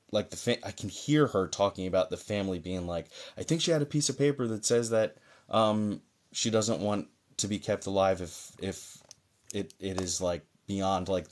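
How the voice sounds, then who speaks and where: A man hosting a live-streamed mediumship session, talking chattily and reassuringly to viewers, with many fillers. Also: low-pitched. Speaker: psychic medium host. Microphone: phone or desk mic on a live stream.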